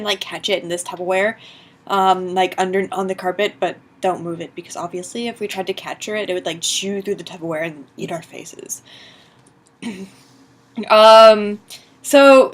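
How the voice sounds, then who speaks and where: Woman vlogger, mid-pitched, animated and chatty storyteller full of "like" and "um". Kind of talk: casual storytelling to camera.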